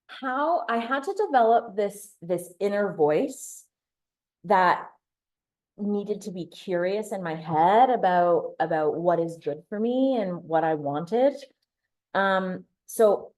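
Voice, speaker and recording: Her voice sits on the low side and sounds a little mellow. This woman in her thirties is presenting, sharing a frank personal story and occasionally restarting or repeating words.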